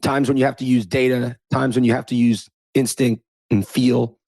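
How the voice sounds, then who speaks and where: A man's voice: mid-range voice, level tone, normal speed, gravelly, darkish tone, no room sound, poor audio. A man hosting an interview podcast, asking long thoughtful questions and rephrasing as he goes. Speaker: podcast host.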